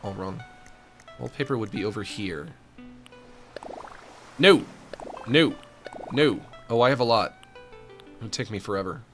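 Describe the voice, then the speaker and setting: A man's voice: fairly low pitch, fairly quick, long pauses, faint music behind. A man streaming a video game, chatting casually to himself and the characters as he decorates a room. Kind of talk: casual gameplay commentary.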